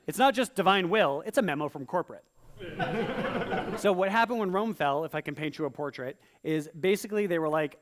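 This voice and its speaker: A man performing stand-up comedy in rhyme on a live stage, slipping into quick voiced asides. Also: sits high, lively intonation. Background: audience laughter.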